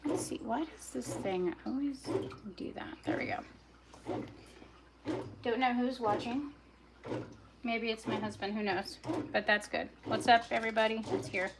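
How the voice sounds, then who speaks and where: Slow-talking woman narrating her cooking. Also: on the high side, fairly even intonation, background noise. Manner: chatty self-narration, muttering to herself, bursts of yelling at her dog. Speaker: vlogger cooking on a livestream. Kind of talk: casual talk while cooking. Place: home kitchen.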